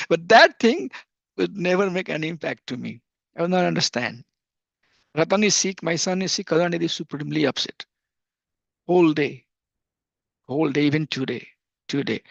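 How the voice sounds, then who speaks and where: A man's voice: a little high, moderate pace, creaky, long pauses, a bit bright, no room sound. A middle-aged man teaching a devotional class earnestly, repeating phrases for emphasis. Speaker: spiritual teacher. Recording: dull lo-fi dry recording.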